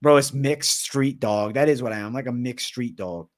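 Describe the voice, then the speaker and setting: A man's voice: mid-range voice, moderate pace. A young man hosting a casual MMA livestream Q&A, talking in a profane, slangy way and calling viewers bro.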